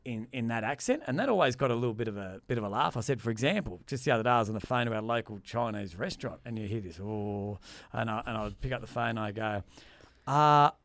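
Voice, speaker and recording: A man co-hosting a podcast, swearing freely and joking. His pitch swings a lot as he tells stories, and the sound is dry and close to the mic. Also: expressive, rapid-fire, gravelly, few pauses, no room sound. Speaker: podcast co-host. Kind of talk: crude casual banter.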